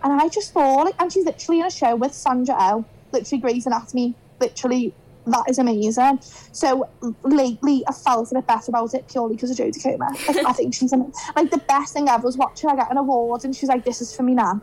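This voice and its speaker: A young woman from Liverpool with a Scouse accent, chatting on a podcast as a guest and telling lively stories where she acts out what people said. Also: high voice, fast talker, low-quality recording. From Liverpool, England. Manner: animated storyteller, acts out quotes. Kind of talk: casual chat.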